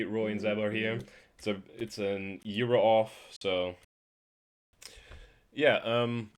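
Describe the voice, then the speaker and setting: Low-voiced, laid-back podcast host. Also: male voice. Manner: relaxed, filler-heavy. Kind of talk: casual podcast chat.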